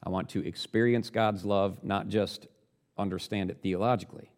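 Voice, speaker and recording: A man preaching a sermon, earnest and direct, asking the listeners questions and building up louder on the points he stresses. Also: lowish voice, fairly even intonation, moderate pace.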